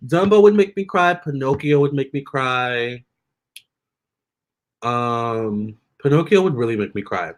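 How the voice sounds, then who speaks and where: A young man chatting casually with viewers during a live stream, expressive and talking straight to his audience. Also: medium pitch, a little slow. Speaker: live-stream tarot reader.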